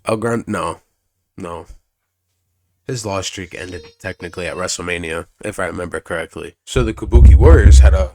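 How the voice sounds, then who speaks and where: Young guy, lowish voice, loose swear-y wrestling recap, keeps restarting and acting out the quotes. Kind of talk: casual unscripted recap.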